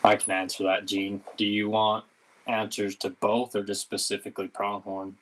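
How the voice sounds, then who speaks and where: Flat-toned matter-of-fact man. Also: lowish voice, moderate pace, rough recording. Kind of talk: public meeting reply.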